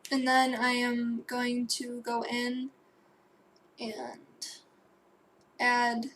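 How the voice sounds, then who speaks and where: Young woman talking through her painting steps, kinda high voice, flat delivery, faint hiss. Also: very slow. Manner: rambling, self-correcting, with fillers and asides. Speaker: digital painting tutor. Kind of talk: casual tutorial voice-over.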